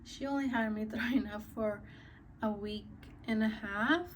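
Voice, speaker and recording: A woman's voice: a little high, a little slow, distant mic, noisy background. A young woman vlogger telling a casual story, chatty and full of "like" and "um", a little out of breath. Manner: chatty, many fillers like "like" and "um".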